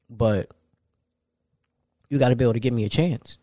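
Dude talking solo on his podcast, kinda low voice, chill but gets worked up. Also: brisk, no echo. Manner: casual, conversational, animated when ranting. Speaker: podcast host.

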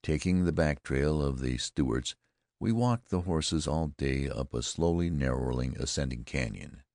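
A male audiobook narrator with an exceptionally deep, gravelly voice delivers a first-person tale in a measured, deliberate, expressive way. His tone is somewhat dark, and the close mic yields a dry, intimate sound with no room around it.

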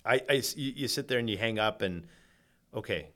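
A man's voice: mid-range voice, fast, fairly bright tone. A man talking earnestly as a guest on a podcast, reflecting in casual conversation and often repeating words as he goes. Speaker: podcast guest, mortgage agent.

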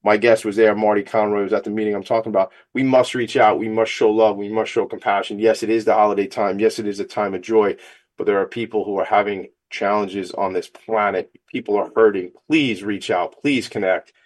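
Fired-up radio host man, low voice. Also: fairly even intonation, fairly quick. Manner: fired-up, joking, self-teasing. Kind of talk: casual energetic monologue.

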